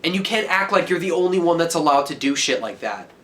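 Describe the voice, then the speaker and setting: A teenage guy's voice sitting a little high for a man, heated and full of swearing. He rants straight into the camera and yells at it. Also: expressive, fast, a little hiss or hum. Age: teens. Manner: heated, profane, yelling. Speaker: vlogger. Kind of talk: angry rant to camera.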